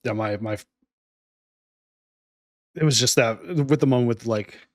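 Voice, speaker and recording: A man's voice: mid-range voice, a little slow. A man hosting a podcast, chatting casually and rambling as he laughs along with his guests. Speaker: podcast host. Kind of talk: casual chat.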